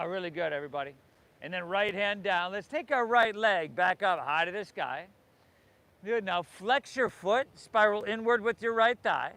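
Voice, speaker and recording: A man's voice: high-pitched, sharp tone. A man teaching an outdoor yoga class, giving encouraging cues and breathing instructions to the group. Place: outdoors by the ocean.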